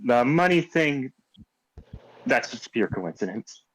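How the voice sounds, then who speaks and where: A man's voice: mid-range voice, very animated, slow, breathy edge, no room sound, rough recording. A man playing a tabletop game, describing his character and talking hesitantly. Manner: hesitant, many fillers and restarts. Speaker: player. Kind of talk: tabletop game role-play.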